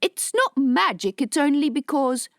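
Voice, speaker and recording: A woman's voice: sits high, lively intonation, unhurried, dry recording, clean studio sound, pitched above the performer's own voice. A woman voicing an exhausted young male student from the city, who talks in a strained, raised, pleading voice.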